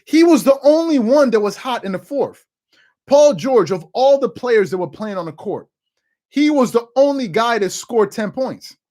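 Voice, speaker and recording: A man hosting a live sports talk stream, his pitch swinging widely as he gets worked up over the numbers. He talks loosely, doubling up on words and breaking off to answer the chat. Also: animated, moderate pace, mellow. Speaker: sports talk show host.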